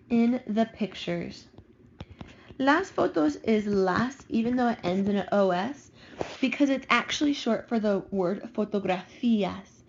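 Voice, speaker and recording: A woman teacher calmly talking students through vocabulary slides, slowing down on new words. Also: a little high, gravelly, dull audio. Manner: patient, slows down for vocabulary. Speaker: Spanish teacher. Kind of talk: recorded classroom lesson over slides.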